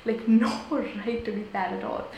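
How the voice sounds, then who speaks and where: A woman's voice: mid-range voice, normal speed, gravelly, darkish tone. A woman hosting a casual live stream, whispering and gushing with little giggles from a tiny room. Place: small tiny room indoors. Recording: echoey small room, faint background noise.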